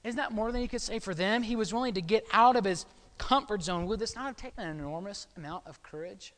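In a large hall, a man delivers a sermon at a quick pace, his high voice carrying a bit of brightness. His style is conversational, and he frequently pauses to ask his listeners "okay?"

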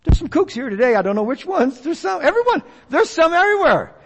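A man's voice: extremely high pitch, big pitch swings, quick pace, big-room sound. A man preaching a sermon in a church, emphatic and repetitive, building his points as a call and response with the congregation.

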